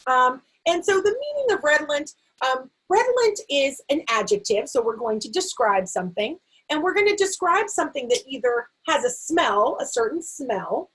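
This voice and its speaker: A woman teaching a vocabulary lesson to camera, saying the word slowly and sounding out its syllables. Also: sits high, sing-song, fairly bright tone, low-quality recording. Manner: slow, stretched-out word repetition. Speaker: literacy teacher.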